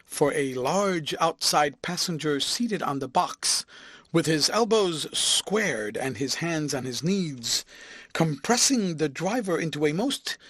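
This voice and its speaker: A man reading a classic novel aloud as an audiobook, with lively, expressive narration. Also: a little high, breathy edge, no room sound, studio quality.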